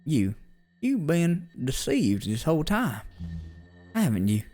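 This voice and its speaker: Brief: woman plays ominous stranger on the line, low voice, deliberate. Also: sing-song, mellow, soft background music, exaggerated voice. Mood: taunting. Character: mysterious caller, cryptic and accusing. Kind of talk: fan voice acting of a game.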